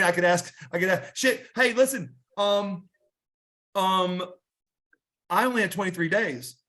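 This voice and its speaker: A man's voice: sits high, a bit bright. A middle-aged man telling rambling wrestling stories in a casual interview, with many restarts and fillers. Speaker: guest wrestler.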